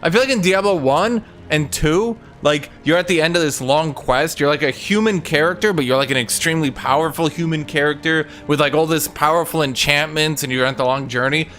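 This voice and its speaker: A man commenting on a game as he plays, rambling and sarcastic and swearing freely. His voice sits a little on the high side. Faint game music plays underneath. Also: fairly quick, hardly any pauses, fairly bright tone. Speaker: streamer. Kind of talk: casual gameplay commentary.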